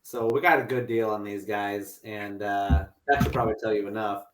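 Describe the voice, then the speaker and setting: A man's voice: lowish voice, steady tone, normal speed. Wry man in an echoey room. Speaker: podcast guest. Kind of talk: casual chat among friends. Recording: roomy echo.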